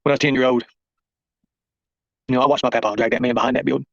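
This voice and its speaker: A man rattles off a confrontational livestream monologue at a very fast clip. His voice sits at a middling pitch, and the sound is close and dry. The audio is dull and lo-fi. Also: little pitch movement, gravelly, fairly bright tone, no room sound. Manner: confrontational, addresses viewers and chat by name. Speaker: livestream host.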